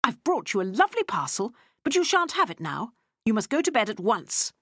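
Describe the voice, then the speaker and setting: A woman narrator voicing an angry, harsh-tempered woman who shouts and scolds in a loud, raised voice. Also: a little high, sing-song, moderate pace, no room sound, studio quality, voice pushed up. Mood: furious. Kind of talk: audiobook character voice.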